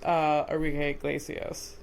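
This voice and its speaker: A woman's voice: deep voice, completely flat delivery, a little slow, vocal fry, a little mellow. A woman comedian hosting a podcast in casual chat, laughing often and agreeing readily. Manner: giggly, agreeable, frequent backchannel yeahs.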